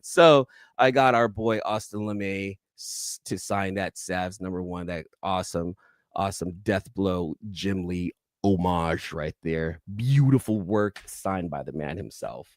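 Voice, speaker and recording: A man's voice: low voice, a bit bright, no echo, studio quality. A man hosting a casual comic-book haul vlog, rambling with many restarts and asides to viewers. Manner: rambling, self-interrupting, quick asides to viewers in live chat. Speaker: YouTube comic collector host.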